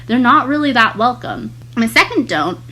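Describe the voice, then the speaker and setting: A teenage girl, a student guest, explaining public speaking mistakes in a measured way. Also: fairly high pitch, lively intonation, pushed and bright, a little hiss or hum, rough recording. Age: teens.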